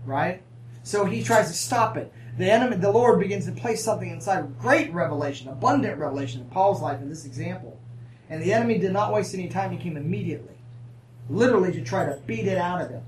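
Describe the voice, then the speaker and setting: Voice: mid-range voice, expressive, fast talker, slight background noise. A preacher delivering a conversational sermon, asking the congregation for amens and adding humorous asides. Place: church sanctuary. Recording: roomy, distant mic, faint ambience.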